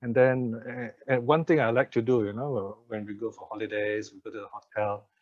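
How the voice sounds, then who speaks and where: An older Malaysian man gives a Buddhist teaching over a video call, telling stories with frequent laughs and check-ins like "okay" and "you see." His voice is fairly low, flat and brisk, and the call audio sounds dull.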